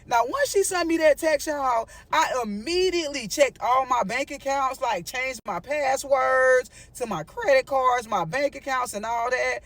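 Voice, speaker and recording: A woman telling a story to her viewers in a casual, animated vlog, with frequent asides to them. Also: high voice, measured pace, hardly any pauses. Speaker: storyteller vlogger.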